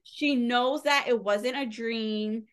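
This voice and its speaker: A woman's voice: a little high, steady tone, takes it slowly, clear, resonant tone. Chatty woman recapping a novel. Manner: chatty, rambling, heavy use of "like", casual swearing. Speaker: podcast co-host reviewing books. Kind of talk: casual book recap.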